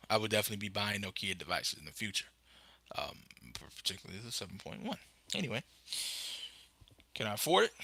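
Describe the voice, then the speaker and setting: A young man hosting a casual tech podcast over a phone live stream, rambling with many fillers and bursting into excitement about phones. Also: lowish voice, no echo. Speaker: podcast host.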